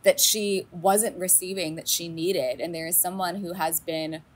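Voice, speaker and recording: Woman cohost talking casually, lots of "like", gets animated and acts out quotes. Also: fairly low pitch, unhurried. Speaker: podcast co-host. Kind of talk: casual recap chat.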